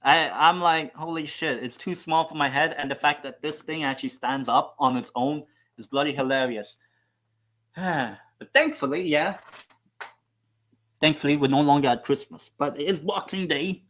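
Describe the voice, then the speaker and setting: A man hosts a live football watchalong, talking loosely to his viewers. His fairly high voice rambles between restarts, swearing often and poking fun at himself. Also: moderate pace, a bit bright. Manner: rambling, profane, self-mocking. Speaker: football live-stream host. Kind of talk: casual live watchalong chat.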